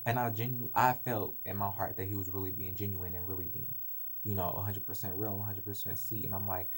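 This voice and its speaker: A man's voice: lowish voice, fast talker. A young adult man earnestly telling a personal story in a confessional vlog, recorded on a phone. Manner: earnest, animated, emotional retelling. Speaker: vlogger.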